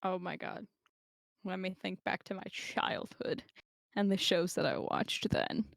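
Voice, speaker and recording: A woman's voice: lowish voice, unhurried, gravelly, no room sound. A young adult woman chatting as a podcast guest, blunt and profane, laughing often. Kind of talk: casual chat.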